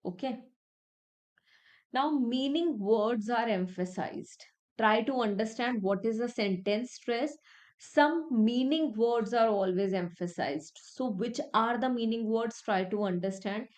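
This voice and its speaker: A woman's voice: fairly high pitch, measured pace, darkish tone. A young woman teaching an exam-prep lesson, explaining each point step by step and repeating it with many "okay"s. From India. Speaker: English test tutor.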